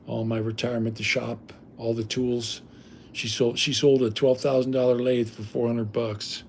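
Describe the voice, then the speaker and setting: A man's voice: medium pitch, little pitch movement, normal speed, slight background noise. An older man hosting a livestream, telling rambling stories in a blunt, casual way with salty language. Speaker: livestream host.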